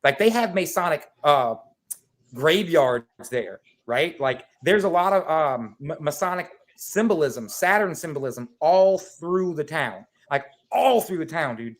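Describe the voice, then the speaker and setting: A man in casual conversation on a remote call, telling a long story in a lively, rambling way, full of fillers and swearing. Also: fairly high pitch, a little slow. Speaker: guest. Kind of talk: casual podcast chat. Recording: video call audio.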